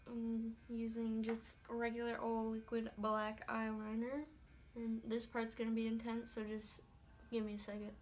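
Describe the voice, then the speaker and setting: In a slightly high, darkish voice with a completely flat delivery and a measured pace, a young adult beauty vlogger records a makeup tutorial on her phone camera. She talks to herself casually in a light put-on country accent with mild exclamations, over slight background noise.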